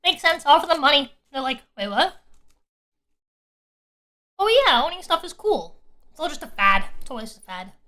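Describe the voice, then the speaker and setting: A woman streaming herself playing a text game, reacting excitably and swearing freely. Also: high-pitched, brisk.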